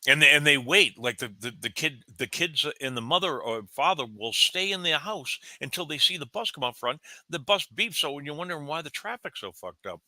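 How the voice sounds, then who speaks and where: A man's voice: on the high side, animated, fairly quick, few pauses, bright, forceful tone. A middle-aged man co-hosting a casual podcast, agreeing often and adding his own complaints. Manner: agreeable, frequent backchannel replies. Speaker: podcast co-host. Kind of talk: casual chat.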